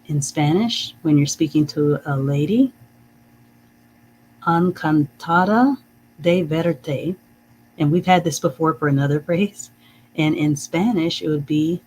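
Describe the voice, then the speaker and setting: A teacher leading a live-streamed reading lesson, saying phrases slowly and carefully, checking in with "okay?" and chuckling often. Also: medium pitch, a little mellow, a little hiss or hum, low-quality recording. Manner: reads out viewer comments.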